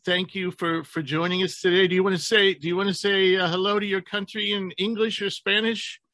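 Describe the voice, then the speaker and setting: A man's voice: sits high, little pitch movement, a little fast, sharp tone, no echo. A man hosting a basketball podcast in a rambling, chatty way, often correcting himself mid-sentence. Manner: rambling, self-correcting, laughs easily. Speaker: podcast host. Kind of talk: casual sports podcast chat.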